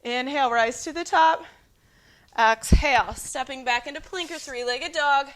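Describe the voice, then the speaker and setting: A woman yoga instructor calmly cueing breaths and poses in a guided flow at home. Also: high-pitched, normal speed. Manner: calm, encouraging breath cueing. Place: home, dogs nearby.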